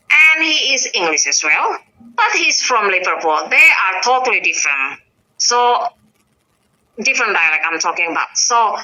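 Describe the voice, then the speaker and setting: Bright-voiced Indonesian-accented woman, lively. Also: dull audio. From North Sumatra, Indonesia. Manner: animated, frequent pitch rises, searching with uh and um. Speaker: guest explaining language. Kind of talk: casual explanatory chat.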